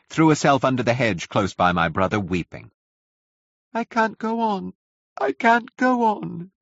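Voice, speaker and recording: A low, husky male voice reads a classic novel with lively, dramatic storytelling. His pitch rises and falls a lot, and the dry, somewhat dull recording has no room sound. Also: dry recording. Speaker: audiobook narrator. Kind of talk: scripted narration of a classic novel.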